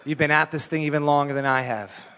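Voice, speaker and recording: A middle-aged man preaching a sermon as a pastor, telling stories in an animated, conversational way. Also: a little high, fast talker. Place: church hall. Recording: long reverb in a church hall.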